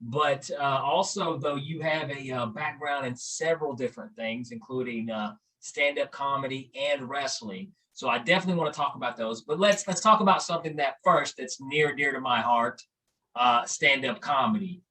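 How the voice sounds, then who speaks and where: A man's voice: medium pitch, normal speed, sharp tone, husky. A man hosting a podcast interview, folksy and hesitant with lots of fillers. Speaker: podcast host. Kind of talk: casual interview chat.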